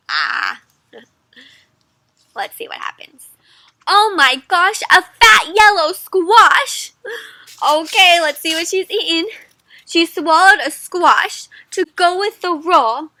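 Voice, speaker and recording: Bright high-voiced woman reading to kids. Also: no room sound. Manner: teacherly, animated, asks the listener questions. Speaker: children's read-aloud host. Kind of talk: interactive children's read-aloud.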